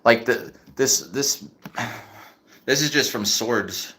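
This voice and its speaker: Middle-aged male streamer, bright voice, casual rambling chat. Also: medium pitch, slow pace. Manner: rambling, restarts often, reads chat. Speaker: livestream host.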